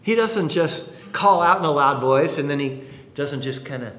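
A male pastor delivers a sermon with lively, swooping intonation, slipping into character to act out quotes. His voice sits fairly high. The recording carries the long reverb of a large hall. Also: normal speed. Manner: animated, acts out quotes.

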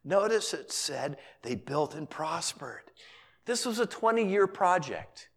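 A man, a pastor, preaching a sermon and retelling scripture as lively storytelling, with casual voices for the characters. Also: on the high side, slow pace, breathy edge. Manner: animated storytelling, paraphrasing characters in casual modern speech.

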